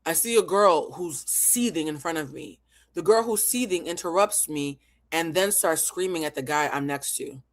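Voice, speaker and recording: A woman's voice: on the low side, normal speed. A woman hosts a live stream and picks apart what she has watched. She talks in an analytical, emphatic way and swears freely as she makes her case. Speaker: host.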